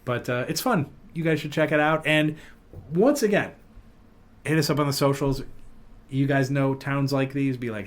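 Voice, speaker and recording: A man co-hosting a casual podcast, his voice sitting in an ordinary middle range. He tells stories in a loose, rambling way, full of fillers and quick restarts, and laughs at his own jokes as he goes. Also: mid-range voice. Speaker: podcast host. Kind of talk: casual chat.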